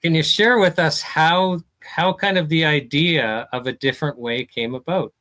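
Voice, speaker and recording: A male interviewer gently prompts his guest to go on with the story. His voice is a touch high and sounds dry and close. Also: moderate pace, dry recording. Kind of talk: casual interview questions.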